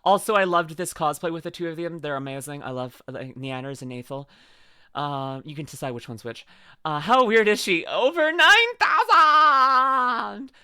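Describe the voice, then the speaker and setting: A man's voice: on the high side, animated, brisk, fairly bright tone, clear, resonant tone, no echo, clean studio sound. A man streaming live, chatting casually and rambling playfully with lots of fillers while he reacts to a video.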